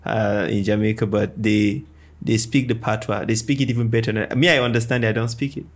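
A man's voice: fairly low pitch, flat delivery, a little fast. A man, a podcast guest, performing spoken-word poetry with a rhythmic, playful delivery full of wordplay.

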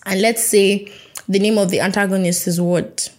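A woman's voice: mid-range voice, fairly even intonation, moderate pace, darkish tone. A young woman hosting a podcast, talking in a chatty, playful way and acting out little conversations. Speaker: podcast host. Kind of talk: casual solo podcast chat.

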